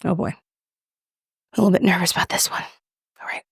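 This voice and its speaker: A woman's voice: on the low side, steady tone, a little fast, gravelly, husky, no room sound, studio quality. A young woman casually reviewing makeup, chatty and self-deprecating as she applies it on camera. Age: young adult. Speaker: beauty YouTuber.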